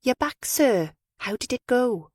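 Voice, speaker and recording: A woman doing a brisk, bright-voiced female detective sergeant. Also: fairly high pitch, animated, no echo, clean studio sound, voice pushed up.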